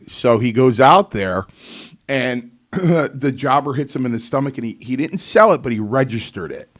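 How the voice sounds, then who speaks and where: A man's voice: medium pitch, moderate pace. A middle-aged man, a podcast co-host, telling stories in a casual chat and acting out other people's lines. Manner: animated anecdote-telling, mimics others. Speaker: co-host, former wrestler.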